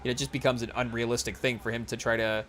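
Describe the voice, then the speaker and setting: A man's voice: medium pitch, little pitch movement, fairly bright tone. A young man hosting a podcast, chatting loosely about a basketball game as he watches, full of fillers and restarts. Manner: rambling, filler-heavy, tries quick celebrity impressions. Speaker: podcast host. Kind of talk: casual live game commentary.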